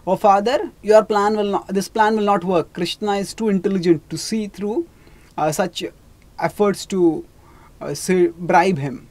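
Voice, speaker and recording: A storyteller voicing a scheming, proud young prince in a forceful tone. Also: medium pitch, fairly even intonation, measured pace, lightly acted.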